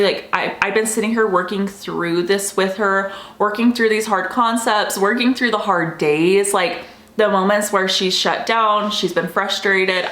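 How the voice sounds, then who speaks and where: A woman's voice: mid-range voice, fairly bright tone, roomy sound. A young woman and homeschooling mom vlogging in a casual chat, gushing and emotional, saying "like" constantly. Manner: chatty, heavy use of "like", emotional and gushing.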